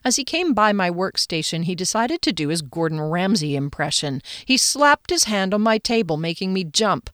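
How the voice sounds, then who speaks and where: A woman's voice: lowish voice, very animated, normal speed, hardly any pauses, a bit bright, dry recording, studio quality. A woman reading a first-person audiobook with a wry, self-mocking manner. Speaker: audiobook narrator.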